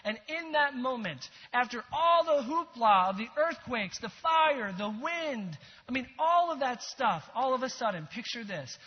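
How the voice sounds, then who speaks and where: High-voiced man preaching in a hall. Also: measured pace, hardly any pauses, slightly rough, dull audio. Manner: earnest, animated preaching with whispered quotes. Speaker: pastor. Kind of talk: sermon.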